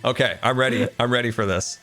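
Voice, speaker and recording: A man's voice: medium pitch, quick pace, loud music behind the voice. A man hosting his game stream, goofing around and joking in casual chat. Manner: goofy, joking, playful. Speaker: streamer host.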